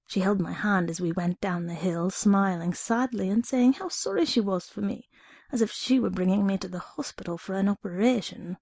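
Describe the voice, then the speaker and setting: A woman reading a short story aloud in an expressive first-person narration. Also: medium pitch, normal speed, slightly rough, no echo, studio quality.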